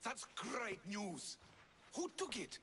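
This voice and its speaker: A man's voice: high-pitched, very animated, slow pace, bright, forceful tone, slight background noise, heavily acted. An actor playing a fretful wealthy man in a video game, with an anxious, questioning delivery.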